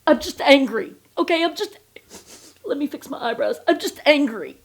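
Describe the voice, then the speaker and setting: A woman putting on a high, stammering, mock-sobbing voice to parody a dramatic, fake-crying woman. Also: expressive, normal speed, vocal fry. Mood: whiny mock-angry.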